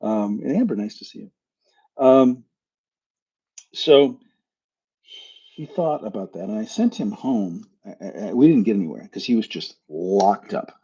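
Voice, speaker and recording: A man's voice: lowish voice, expressive, a little slow, long pauses, mellow, slightly rough. A man hosting a live stream as a spiritual coach, talking in a frank, blunt, casual way and swearing now and then. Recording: dull lo-fi sound.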